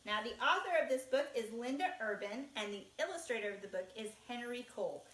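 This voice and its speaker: Lady doing storytime for kids, high bright voice, echoey room. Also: brisk. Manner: animated, encouraging, asks the kids to join in. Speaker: storytime reader. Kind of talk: reading a picture book aloud to children.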